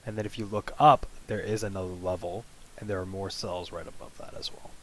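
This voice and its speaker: A man's voice: sits low, fairly even intonation, fairly quick, a little hiss or hum, poor audio. A man narrating a tabletop role-play as game master, in a casual, rambling way.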